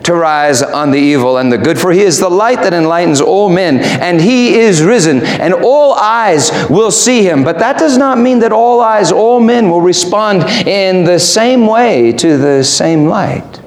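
A man's voice: high voice, lively intonation, a little slow, hardly any pauses. A man preaching a sermon in an emphatic, rhetorical way. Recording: echoey room with faint ambience.

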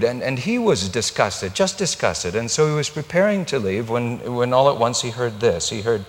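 A male pastor preaching with animated storytelling and a pitch that swings widely as he acts out the voices. His voice rings with long reverb through a large church hall. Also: measured pace. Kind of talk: sermon storytelling.

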